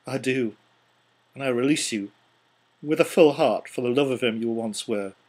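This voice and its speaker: A steady young woman breaking off an engagement, read by a man with a husky voice. She speaks quietly and evenly, with a sorrowful, resigned calm and low, hushed delivery. It sounds like a storybook reading. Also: normal speed, lightly acted. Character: young woman, calm and steady, gently releasing a former love. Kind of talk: audiobook character reading.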